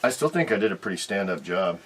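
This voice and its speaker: A man's voice: sits low, expressive, quick pace, a little hiss or hum. A man co-hosting a casual beer chat, teasing his friend in a laid-back, wry way.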